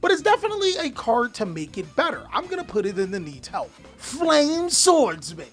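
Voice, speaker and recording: A man hosting a casual card game commentary video, animated and jokey, with some playful trash talk. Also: very high-pitched, fast. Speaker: YouTube host.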